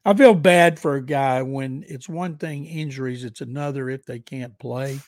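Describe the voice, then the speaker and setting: A man co-hosting a sports podcast as a football writer, giving measured, matter-of-fact analysis in casual chat. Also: mid-range voice, darkish tone, no echo, studio quality.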